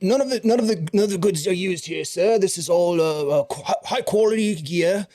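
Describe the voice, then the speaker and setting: A man's voice: warm tone, close to an everyday voice. A man voicing a fussy, eager tall shopkeeper who stammers as he fawns over customers. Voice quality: high, hurried, stammering. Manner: fawning and dithering.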